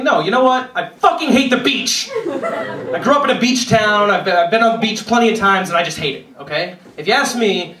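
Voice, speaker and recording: A young man doing a stand-up set on a comedy club stage, ranting in a sarcastic, profane way. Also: high-pitched. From Boston area, USA. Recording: roomy club sound from a distance, loud crowd laughter.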